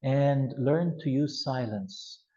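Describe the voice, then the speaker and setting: A man teaching a youth ministry class, animated and acting out scenarios with changes in his voice. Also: medium pitch, slow pace, lo-fi sound. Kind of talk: classroom lecture with role-play examples.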